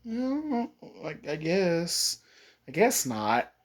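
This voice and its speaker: A man's voice: sits high, wildly swooping pitch, drawn-out words, voice pushed up, full character voice. A man voicing a shy, hesitant teenage girl ninja.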